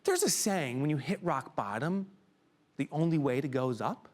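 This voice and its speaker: Animated middle-aged man telling a story. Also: fairly high pitch, moderate pace. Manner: animated, emotional storyteller who bursts into loud exclamations. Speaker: keynote speaker. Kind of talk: live storytelling talk to an audience. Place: room with a live audience.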